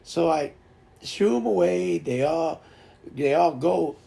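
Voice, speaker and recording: Casual stream host, male, heavily gravelly and a touch high, rambling storyteller who restarts often. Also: slow pace, dark tone. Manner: laughs while telling fishing stories.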